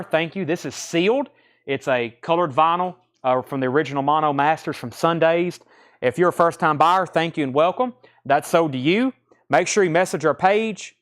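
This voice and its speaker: A man hosting a live record sale, rattling off titles and prices and calling out buyers' names. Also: on the high side. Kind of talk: live sales patter.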